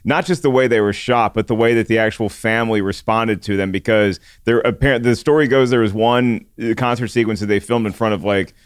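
A man's voice: on the low side, clean tone, no echo, clean studio sound. A man co-hosting a casual podcast, talking thoughtfully with frequent halts and restarts. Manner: thoughtful, halting, restarts words. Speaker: podcast co-host. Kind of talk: casual chat.

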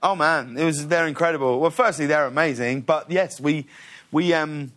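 A man, a talk show guest telling a long story in casual chat, animated and laughing often. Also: a little high, moderate pace.

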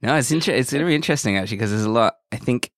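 A man's voice: mid-range voice, expressive, very fast, no room sound, clean studio sound. A man co-hosting a podcast, bantering and teasing playfully. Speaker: podcast co-host. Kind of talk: casual chat.

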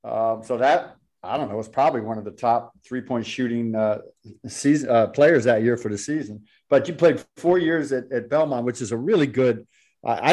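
Middle-aged male co-host, average pitch, loose rambling interviewer with frequent fillers. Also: a little mellow. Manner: rambling, hesitant questions with many fillers. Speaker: podcast co-host. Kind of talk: casual podcast interview.

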